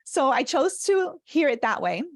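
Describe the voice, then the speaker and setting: A woman in her thirties, from Cuba, telling a personal story in a lively talk and acting out bits of the dialogue. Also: high voice, a little slow, no echo, clean studio sound. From Cuban. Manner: animated storyteller, laughs often, acts out dialogue. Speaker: speaker and leadership consultant.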